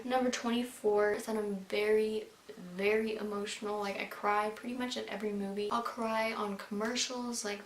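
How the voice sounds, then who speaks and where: Young woman vlogger, casual and chatty, "like"-heavy delivery; echoey room, light hiss. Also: mid-range voice. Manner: chatty, bubbly, fills with "like". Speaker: beauty vlogger. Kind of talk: casual chat to camera. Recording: roomy with faint hiss.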